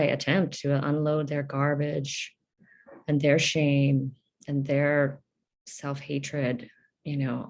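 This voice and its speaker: A woman speaking in a reflective personal monologue. She talks in a hesitant, halting, earnest way, with many fillers and restarts. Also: sits low, a little mellow. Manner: earnest, emotional. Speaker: vlogger.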